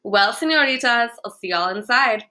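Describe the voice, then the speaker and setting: A woman's voice: fairly high pitch, expressive, moderate pace, bright, forceful tone. A woman voicing a laid-back, friendly teenage boy who films everything and drops Spanish words. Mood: easygoing.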